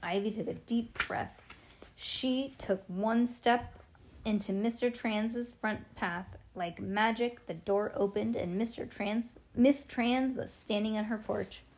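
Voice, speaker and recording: A woman's voice: on the high side, takes it slowly, darkish tone. Woman reading a kids' book aloud, playful. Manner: playful, adds chatty asides. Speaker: storybook reader.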